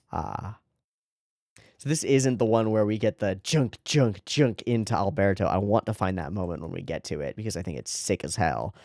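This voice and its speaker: Low-voiced man in enthusiastic episode commentary. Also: darkish tone, no room sound, clean studio sound. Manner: enthusiastic, swears freely, frequent restarts. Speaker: anime reaction host.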